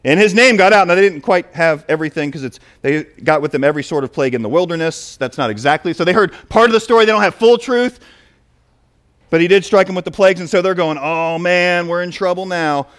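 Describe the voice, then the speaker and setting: A man preaching a sermon, moving between quiet asides and loud, emphatic points. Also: high-pitched, fast talker.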